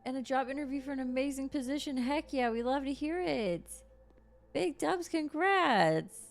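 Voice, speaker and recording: A woman's voice: high voice, expressive, normal speed, creaky, faint music behind. A woman streaming a video game, chatting casually and reacting aloud to what happens and to her chat. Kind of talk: casual gameplay commentary.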